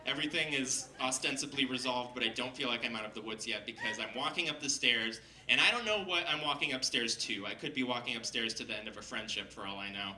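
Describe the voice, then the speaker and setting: A man telling a funny personal story on stage to a live audience, lively and laughing as he goes, acting out the people he quotes. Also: medium pitch, fast talker, few pauses, reverberant, recorded from a distance, slight background noise, low-quality recording. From Seattle. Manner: animated, laughing, acts out quoted voices.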